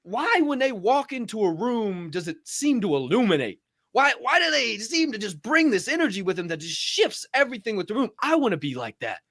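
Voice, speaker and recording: Animated swearing man hosting a podcast. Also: high-pitched, a little fast. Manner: animated, swaggering, profane, acts out little scenes in other voices. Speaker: podcast host. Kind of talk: motivational podcast talk.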